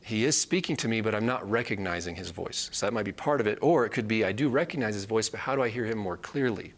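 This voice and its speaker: A man's voice: on the low side, expressive, quick pace. A man teaching a live Bible study, earnest and repeating key phrases for emphasis.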